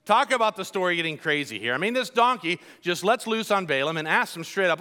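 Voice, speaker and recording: A man preaching a sermon to a congregation, telling the story with lively asides and acted-out voices. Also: sits high, fast talker. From Colombia. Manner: animated storytelling, acts out voices.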